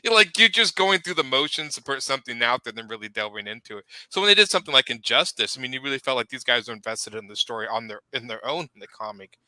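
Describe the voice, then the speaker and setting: A man's voice: mid-range voice, lively intonation, fast talker, hardly any pauses, pushed and bright, no echo, rough recording. A man on a video call, a comics show panelist, talking in casual chat, rambling and trailing off.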